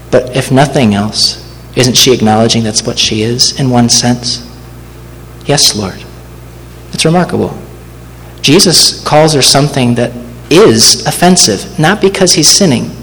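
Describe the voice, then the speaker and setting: A male pastor delivers a sermon in a measured, earnest voice of middling pitch. The sound carries a long reverb, and a faint hum sits beneath it. He often stops to ask his listeners questions. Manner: earnest, deliberate, rhetorical questions to the congregation. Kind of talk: expository sermon.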